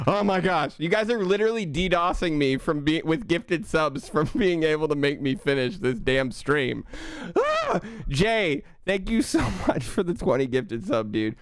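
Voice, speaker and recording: Excitable breathless young man streaming. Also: fairly high pitch, unhurried, clear, resonant tone, no room sound, clean studio sound. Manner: excitable, laughing, stumbling over words. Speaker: livestream host. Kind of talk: live-stream chat, thanking viewers.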